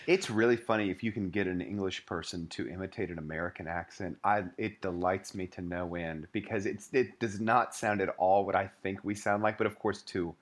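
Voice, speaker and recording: A man's voice: sits low, fairly even intonation, brisk, hardly any pauses. A man co-hosting a casual book-club podcast, wry and playful. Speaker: podcast co-host.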